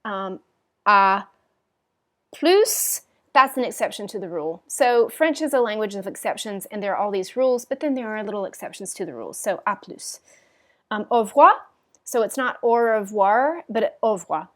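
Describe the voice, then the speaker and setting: A woman's voice: medium pitch, animated, brisk, a bit bright. A woman teaching a French class in a recorded lecture, patiently explaining with frequent ums and modelling the phrases aloud.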